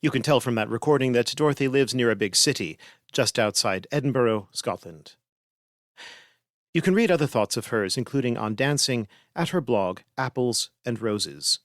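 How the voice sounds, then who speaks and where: A man hosting a podcast, reading essays aloud in a measured, formal way. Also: mid-range voice, animated, dry recording, studio quality. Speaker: podcast host.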